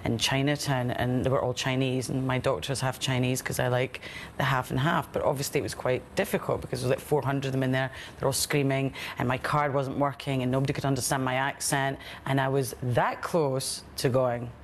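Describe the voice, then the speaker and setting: A woman who was a patient, telling her story in an interview in a chatty, animated way, with many fillers. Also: a bass voice, fairly quick, a little hiss or hum. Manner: chatty and animated, acting out the people she quotes. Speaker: former patient.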